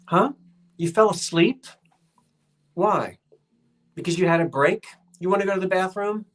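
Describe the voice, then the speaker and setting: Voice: medium pitch, a little slow. A live-stream sale host in a shop, chatting casually with a rambling, self-deprecating manner, reading out viewer comments and counting down bids. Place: shop, indoors.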